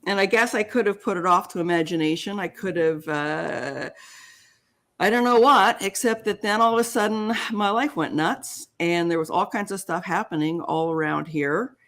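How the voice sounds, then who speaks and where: An older woman, a guest in an interview, telling her story in an animated way and acting out both sides of remembered conversations. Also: lowish voice, normal speed.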